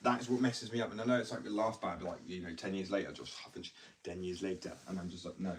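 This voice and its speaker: A man's voice: low-pitched, fairly even intonation, quick pace, distant mic, slight background noise, poor audio. A man in casual, rambling live chat, joking and slangy as he talks about addiction. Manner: chatty, joking, slangy, self-interrupting. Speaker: livestreamer talking about addiction.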